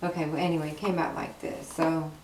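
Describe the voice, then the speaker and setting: A woman's voice: low voice, little pitch movement, fairly quick, darkish tone. Teasing woman reading tarot, echoey. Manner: chatty, teasing the cards, laughs often. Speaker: tarot card reader. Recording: echoey room, mic at a distance, faint noise.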